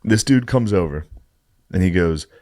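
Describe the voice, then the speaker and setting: A young man in casual podcast chat, telling an animated, profane anecdote and acting out what people said. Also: low-pitched, moderate pace, dry recording, studio quality. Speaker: podcast storyteller.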